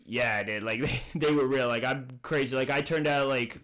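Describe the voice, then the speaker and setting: A man's voice: medium pitch, moderate pace, fairly bright tone. A man hosting a podcast in casual chat, rambling and reflective, with a lot of "like" fillers.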